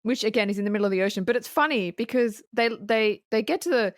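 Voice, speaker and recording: A woman co-hosting a movie podcast, retelling a film's plot with lively, profane enthusiasm and a ready laugh. Her voice sits at an ordinary pitch and sounds dry and close, with no room around it. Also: fast, no echo. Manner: animated storytelling, swears freely, laughs often. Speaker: podcast co-host. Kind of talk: casual movie-review chat.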